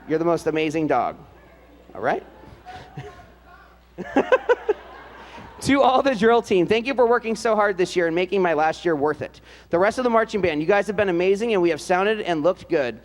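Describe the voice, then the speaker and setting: At a ceremony in a large hall, a high-voiced man announces and introduces the band seniors, reading aloud. He keeps it relaxed and jokey, with frequent hesitant "uh" fillers.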